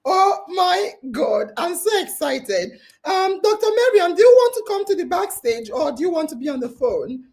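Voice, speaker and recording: A woman hosting a live online hangout, excited and tearful, laughing as she reads out listener comments. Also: extremely high pitch, moderate pace. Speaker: podcast host.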